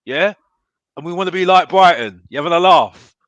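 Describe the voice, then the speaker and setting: A man talking casually about football, animated and constantly tacking on "yeah?". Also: high-pitched, normal speed, dry recording, dull audio. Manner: animated, keeps adding "yeah?". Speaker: football podcast guest. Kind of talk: casual chat.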